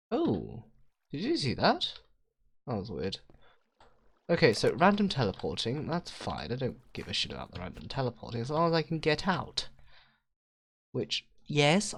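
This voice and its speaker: Man, casual game commentary, self-mocking, swears, lively pitch, quiet typing noise. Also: a little slow, long pauses. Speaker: gaming video host.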